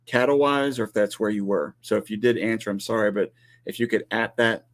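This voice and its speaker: A man co-hosting a casual ranch livestream, with a low-set voice. He rambles and teases in a loose, joking way, often breaking off and restarting his sentences as he greets viewers. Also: steady tone, fairly quick.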